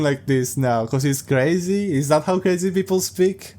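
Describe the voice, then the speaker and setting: A man's voice: on the high side, normal speed, hardly any pauses, mellow, slight background noise. A man hosting a podcast, reading a story aloud and breaking off for amused, sarcastic commentary. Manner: amused, sarcastic asides, laughs often. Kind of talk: casual reading with mocking commentary.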